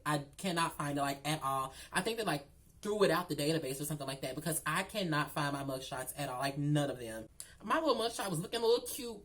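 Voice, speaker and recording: A woman telling a story in a casual vlog, sassy, profane and animated, calling the listener girl. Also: on the low side. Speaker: vlogger.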